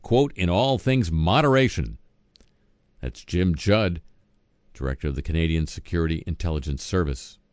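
A man's voice: low voice, smooth, dry recording. A man reading satirical news as host, dropping sardonic, wisecracking asides between items.

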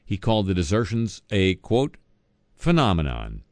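A man's voice: low-pitched, huge pitch swings, normal speed, no echo. A man reading satirical news as host, dropping sardonic, wisecracking asides between items.

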